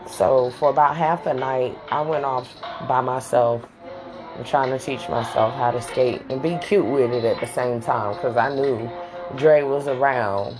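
A woman's voice: a bass voice, steady tone, a little slow, over music. A woman telling a personal story in a casual, candid way, blunt and swearing freely.

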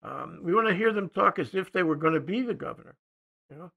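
In a quick, lively-toned delivery, the older co-host discusses politics casually, his heavily gravelly, husky voice carrying a bright edge and a pitch a little high for a man. He still rambles and hesitates, often letting sentences fade off.

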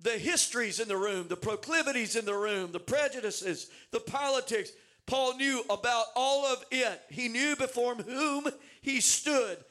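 A man preaching a sermon in a very high, bright voice. He is animated and emphatic, with big dramatic swings, and he doubles words as he builds momentum. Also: moderate pace.

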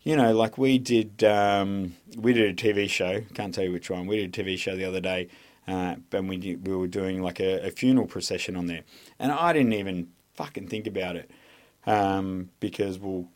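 A man's voice: sits low, fairly even intonation, moderate pace, a little mellow. A man with an Australian accent, a former soldier talking as a podcast guest, telling stories bluntly and swearing freely. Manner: blunt, profane storytelling. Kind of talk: casual conversation.

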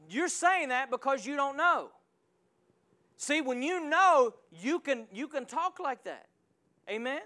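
A male pastor preaching a sermon in a church, calling out to the congregation and swinging from quiet asides to loud surges. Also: very high voice, animated, takes it slowly. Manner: call-and-response preaching with sudden loud surges.

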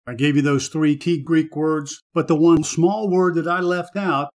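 A man hosting a short devotional Bible teaching, speaking in an earnest, measured preaching manner. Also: fairly high pitch, steady tone. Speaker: radio Bible teacher and host.

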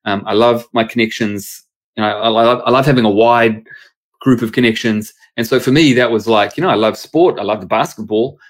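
New pastor telling a lively story. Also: male voice, mid-range voice, fairly quick. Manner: animated storyteller acting out quoted voices. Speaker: pastor and sports chaplain. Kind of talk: casual storytelling interview.

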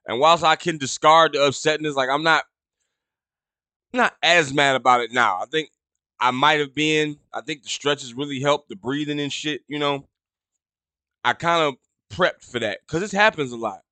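A man with rambles through a grievance, swearing freely and pitching up when outraged. His voice sits a bit high with a bright, sharp edge. The recording is close and dry. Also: moderate pace, no echo. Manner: profane, rambling, gets loud and high when indignant. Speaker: podcast host. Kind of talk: casual storytelling rant.

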